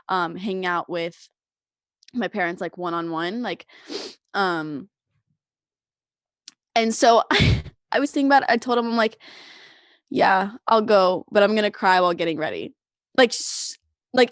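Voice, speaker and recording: A woman's voice: medium pitch, a bit bright, no room sound, clean studio sound. A young woman co-hosting a podcast, telling a long story in casual chat, full of "like" and laughter. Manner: rambling storyteller, heavy use of "like", frequent laughter. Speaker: podcast co-host.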